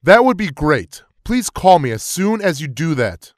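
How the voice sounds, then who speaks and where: Male dialogue reader, fairly high voice, animated lilt, dry booth sound. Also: a little slow, dry recording. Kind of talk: scripted phone dialogue reading.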